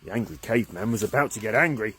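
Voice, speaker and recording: A man narrating a children's story in an animated, expressive way. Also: on the low side, fast, slightly rough.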